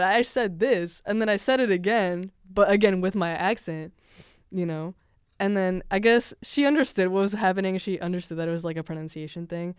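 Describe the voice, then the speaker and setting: Chatty young woman from Venezuela, crisp voice. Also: mid-range voice, moderate pace, dry recording, clean studio sound. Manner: chatty, many fillers, laughs often. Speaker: podcast host. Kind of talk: casual storytelling.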